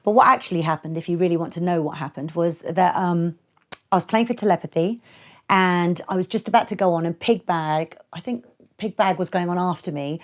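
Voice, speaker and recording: A middle-aged woman, a DJ and producer, telling stories in a podcast interview with blunt, animated delivery, acting out quotes and laughing often. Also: on the low side, a little fast. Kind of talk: candid storytelling in a podcast interview.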